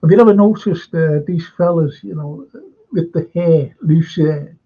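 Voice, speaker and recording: A man's voice: fairly high pitch, a little slow. A man hosting a casual fan chat, rambling and chatty, reading out viewers' comments. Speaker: host. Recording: tinny phone-like line.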